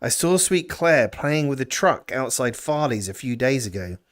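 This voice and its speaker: A man reading out the journal of a weary, grieving frontier man in a folksy, rough put-on rural voice. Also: mid-range voice, lively intonation, a little slow, natural voice. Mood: melancholy.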